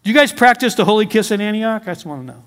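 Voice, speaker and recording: A man's voice: high-pitched, animated, rapid-fire, fairly bright tone, in a large hall. A middle-aged male pastor preaching a conversational sermon, asking his congregation questions and mixing in humor.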